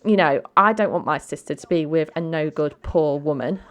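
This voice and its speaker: A woman's voice: deep voice, moderate pace, natural voice. A woman voicing a snobbish young woman, who talks in a sneering, disdainful way. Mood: dismissive. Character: snobbish young woman, scornful about money.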